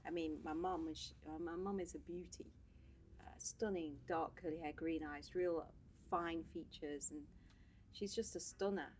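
A woman guest on a podcast, telling stories from her life in a casual, animated way. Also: low voice, normal speed, slight background noise. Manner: animated storyteller, laughs often. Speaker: podcast guest, social worker. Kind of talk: casual storytelling chat.

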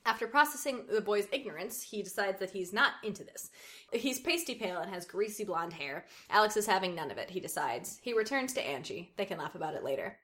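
A woman with a bright, crisp tone reads a story aloud. She keeps a casual pace and breaks off now and then to poke fun at the writing. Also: mid-range voice, animated, fairly quick. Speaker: co-host reading a story aloud. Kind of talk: reading aloud with casual commentary.

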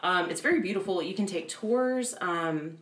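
A woman's voice: fairly low pitch, animated, moderate pace, fairly bright tone. A woman casually retelling a piece of history in a chatty way, full of sarcastic asides and frequent laughs. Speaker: podcast co-host telling history. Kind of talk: casual chat. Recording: echoey room.

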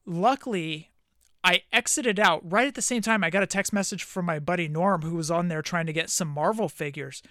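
Casting: male podcast co-host, animated laughing storyteller, dry close sound. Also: high voice, a little fast, dry recording. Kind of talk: casual chat, reading out text messages.

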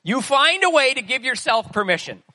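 A man's voice: very high voice, very animated, normal speed, pushed and bright, no room sound. A man preaching a sermon in a conversational way, asking the listeners questions as he goes. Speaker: pastor.

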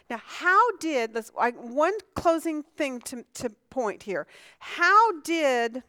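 A woman's voice: sits high, big pitch swings, slow pace, bright, forceful tone, no echo. A woman teaching a conversational Bible lesson. She asks the class questions, answers them herself and often restarts her sentences.

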